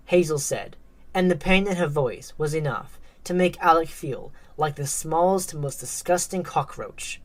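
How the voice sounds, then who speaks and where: A woman narrating a tense story with a measured, dramatic delivery. Her voice sits on the low side, and she takes her time over each line. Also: animated.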